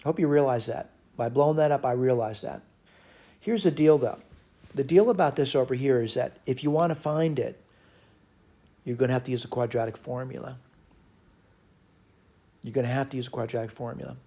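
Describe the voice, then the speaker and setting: A man teaching a recorded math lecture, working through a problem out loud and correcting his own slips as he goes. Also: medium pitch, a little fast, pauses often. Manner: talks to himself while working problems, frequent self-corrections.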